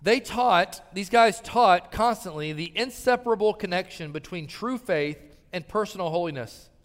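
A man in his thirties preaching a sermon in a large church hall, swinging from loud appeals to soft pleading. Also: high voice, normal speed. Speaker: pastor. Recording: long hall reverb.

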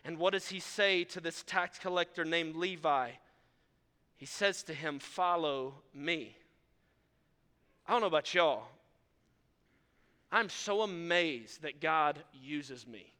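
High, bright-voiced preacher in a big hall. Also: male voice, clear, resonant tone. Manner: animated storytelling preacher, self-deprecating. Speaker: pastor. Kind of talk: sermon. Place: church sanctuary. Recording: long reverb of a large hall.

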